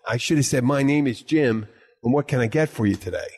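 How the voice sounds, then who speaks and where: A man hosting a casual bar-talk podcast. He tells stories in an animated, rambling way and often restarts his sentences. His voice sits at a middling pitch. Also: a little fast. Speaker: podcast host and bartender.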